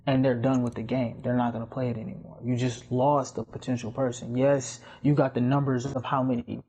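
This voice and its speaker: A man's voice: mid-range voice, level tone, a little fast, darkish tone, breathy edge. A man talking casually on a podcast, rambling and telling stories with plenty of fillers. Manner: rambling, storytelling with lots of fillers. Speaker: podcast guest or host. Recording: dull lo-fi audio.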